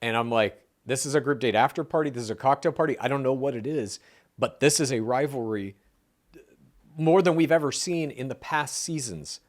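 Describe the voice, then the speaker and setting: A man co-hosting a podcast, recapping a reality show episode in casual, joking chat. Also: medium pitch. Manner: animated, joking, quick asides. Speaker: podcast co-host.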